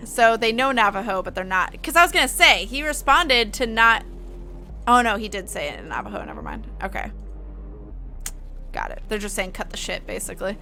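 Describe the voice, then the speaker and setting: A woman's voice: medium pitch, lively intonation, normal speed, bright, forceful tone, faint music behind. A young woman streamer casually reading horror files aloud, stopping to chat and comment. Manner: chatty, breaks off to comment and laugh.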